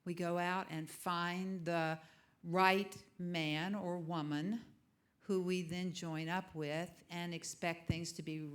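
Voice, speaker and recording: A woman giving a conversational sermon, asking the congregation questions and dropping to soft whispers for emphasis. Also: on the low side. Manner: laughs easily, asks the congregation questions. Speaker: guest speaker.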